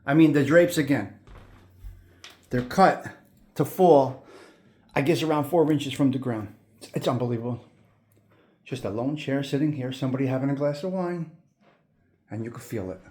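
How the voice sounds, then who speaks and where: A man's voice: medium pitch, normal speed, pauses often, a little mellow. A man hosting a walking tour of an old house, talking to viewers with admiration and repeating his words. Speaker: host giving a house tour. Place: inside an old house, walking between rooms.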